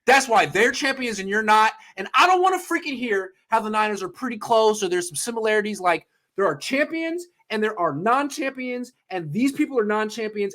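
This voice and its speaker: A man's voice: sits high, lively intonation, a little fast, hardly any pauses, fairly bright tone. A man hosting a sports podcast, ranting with profane, emphatic bursts in heated sports talk.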